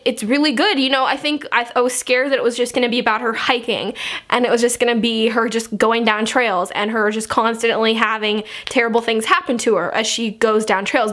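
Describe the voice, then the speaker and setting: A young woman talks through a film review in a casual vlog, her voice sitting a little high. She gets emotional and close to tears, with nervous laughs slipped between her words. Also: fairly bright tone.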